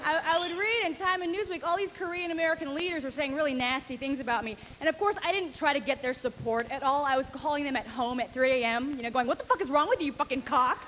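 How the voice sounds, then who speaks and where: A high-voiced woman works through a stand-up comedy routine, brash and profane as she rambles through her stories. Her voice rings with a long reverb, as from a stage mic in a large hall. A faint noise sits underneath. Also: fast, hardly any pauses. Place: comedy stage before a live audience.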